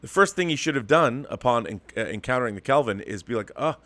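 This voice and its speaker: Male host, mid-pitched, emphatic ranting commentary, dry close-miked sound. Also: animated, fast, pushed and bright, no echo. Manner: emphatic, ranting, with frequent restarts. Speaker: show host. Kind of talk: opinionated commentary monologue.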